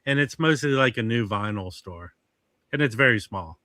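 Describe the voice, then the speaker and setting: A man hosting a livestream, chatting in a rambling, halting way. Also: mid-range voice, lively intonation, bright, forceful tone, dry recording. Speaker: livestream host. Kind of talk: casual livestream chat.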